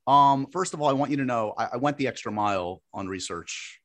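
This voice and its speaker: A man's voice: medium pitch, expressive, brisk. A man hosting a podcast in casual chat, talkative and self-deprecating, with many fillers and restarts. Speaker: podcast host.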